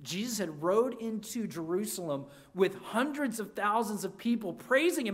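Dramatic preacher, loud then hushed. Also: moderate pace, few pauses. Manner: expressive preaching that swings between loud emphasis and hushed low lines; emphatic repeated restarts. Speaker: pastor. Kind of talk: sermon.

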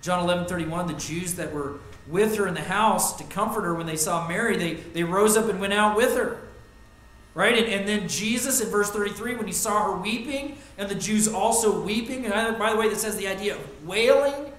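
Earnest preacher with a higher voice, echoey. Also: male voice, moderate pace. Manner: earnest, swings from loud emphasis to quiet. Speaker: pastor. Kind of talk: sermon. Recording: echoey room with faint ambient noise.

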